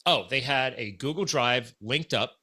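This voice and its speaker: A man casually telling a long story in a podcast chat, animated and acting out the dialogue of people he met. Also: medium pitch, unhurried. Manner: animated, acts out quoted dialogue.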